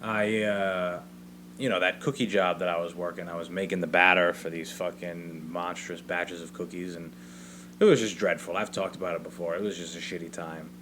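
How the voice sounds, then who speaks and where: A man's voice: sits low, steady tone, normal speed, a bit bright, slight background noise. A young adult man hosting a solo podcast, telling a rambling, profane comedic story in casual speech. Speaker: podcast host. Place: home basement.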